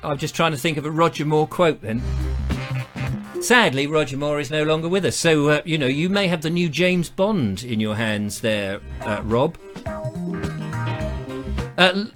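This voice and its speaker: A man's voice: a little high, animated, normal speed, a bit bright, faint music behind. A man hosting a live online show, chatting casually and reading out viewer comments in a rambling, self-mocking way.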